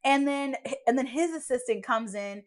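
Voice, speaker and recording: A young woman with a high voice and moderate pace hosts a podcast, recorded on a podcast mic. Her casual storytelling is animated, and she voices the people she quotes.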